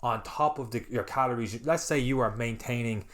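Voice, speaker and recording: A man talking casually on a podcast, rambling and animated, acting out little quoted exchanges. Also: mid-range voice, moderate pace. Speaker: podcast host.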